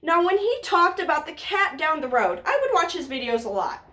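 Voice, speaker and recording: A woman's voice: high-pitched, big pitch swings, normal speed, fairly bright tone. A young woman telling a personal story to her viewers in a rambling, gushing way. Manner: gushing, rambling, heavy on "like" and "literally". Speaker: vlogger. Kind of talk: casual storytime monologue.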